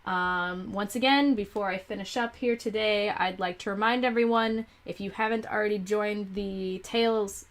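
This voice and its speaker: A woman's voice: mid-range voice, steady tone, moderate pace, hardly any pauses. A woman game streamer chatting casually, exhausted and apologetic, swearing freely. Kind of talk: casual livestream chat. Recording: music playing behind.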